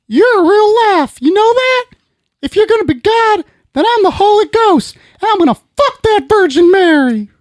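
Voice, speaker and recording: A man voicing a crude, mocking male hallucination figure in a very high, strained voice. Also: expressive, normal speed, dry recording, clean studio sound.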